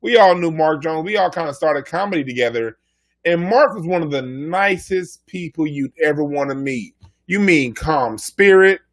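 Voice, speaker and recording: A man hosting a casual chat, relaxed and a little halting as he speaks. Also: fairly high pitch.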